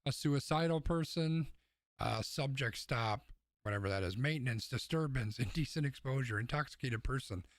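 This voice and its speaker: A man's voice: mid-range voice, moderate pace, dry recording. A man co-hosting a podcast, giving blunt, opinionated takes in casual discussion, sometimes swearing. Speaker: podcast co-host.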